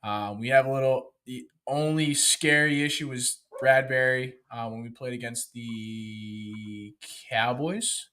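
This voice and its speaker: A man co-hosting a sports podcast, talking in a hesitant, halting way with many fillers. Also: mid-range voice, fairly even intonation, bright, forceful tone, smooth. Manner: hesitant, lots of ums. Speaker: podcast co-host. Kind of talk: casual sports talk.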